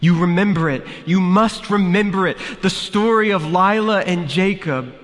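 A man's voice: high-pitched, moderate pace, fairly bright tone, in a large hall, voice pushed up. A man voicing a desperate young woman pleading with her husband to remember her, in a sermon. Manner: pleading, raised and pressing.

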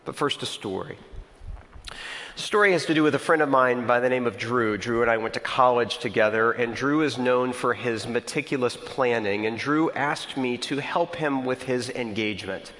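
A man preaching a sermon, telling stories and slowing right down to stress key words. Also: medium pitch, a bit bright. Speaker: pastor. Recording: long hall reverb.

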